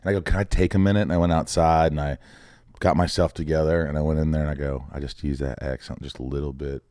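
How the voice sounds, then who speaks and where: This actor, in his forties and raised in Indiana in the Midwest, speaks fast in a rumbling low voice, recorded in studio quality with no room sound. As a podcast guest he shares show-business stories casually, acting out the lines of others with animation.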